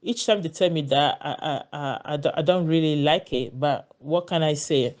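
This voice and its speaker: A woman's voice: sits low, normal speed, a little mellow. Earnest woman telling a story. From Ghana. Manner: earnest, repeats words while searching for them. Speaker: vlogger sharing a personal story. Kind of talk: casual storytelling monologue.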